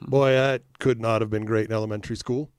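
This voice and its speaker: A man co-hosting a podcast in casual chat, speaking emphatically with profanity and fast excited bursts. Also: on the low side, smooth, no echo, studio quality. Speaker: podcast co-host.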